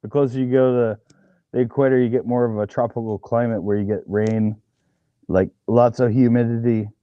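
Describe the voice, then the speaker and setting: A man's voice: mid-range voice, fairly even intonation, brisk, no echo. A man with an American West Coast accent chatting casually on a livestream, easygoing and rambling, often hedging with "you know". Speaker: livestream guest. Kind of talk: casual chat. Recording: dull dry voice-chat audio.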